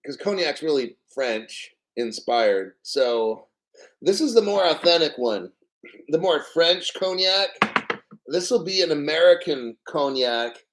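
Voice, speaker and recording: Male livestream host, fairly high-pitched, loose and profane, chatty rambling delivery with frequent throat clearing. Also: animated, slow pace, a bit bright, rough recording. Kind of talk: casual livestream chat.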